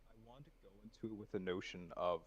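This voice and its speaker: A man's voice: low-pitched, fast, slightly rough. A man in a voice acting coaching session, thinking aloud about his performance. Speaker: voice acting student. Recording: dull lo-fi sound.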